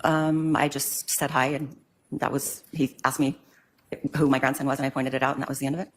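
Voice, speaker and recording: Older woman with a low, flat, hesitant voice. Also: fairly quick, a little hiss or hum. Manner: hesitant, with many ums. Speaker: witness in court. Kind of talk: court testimony.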